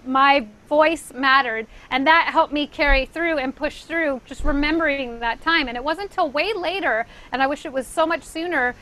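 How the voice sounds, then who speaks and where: A woman's voice: high voice, bright, forceful tone, rough recording. A woman speaking as a DJ guest on a panel, telling a personal story earnestly and with animation. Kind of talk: casual panel discussion.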